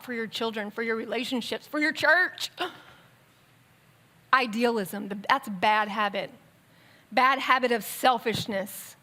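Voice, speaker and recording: A woman preaching a sermon in a conversational, animated way, with quick bursts and asides. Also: fairly high pitch. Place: church sanctuary.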